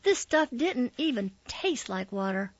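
A woman reads a first-person memoir in a calm, steady storytelling voice. Her voice sits fairly high. The recording is dry and slightly dull. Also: measured pace, dry recording. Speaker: narrator. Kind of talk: memoir audiobook reading.

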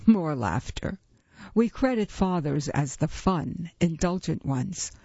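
A woman narrating a short science-fiction story in a slow, even storytelling manner. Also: husky, dry recording. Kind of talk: audiobook reading. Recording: dull, low-fi recording.

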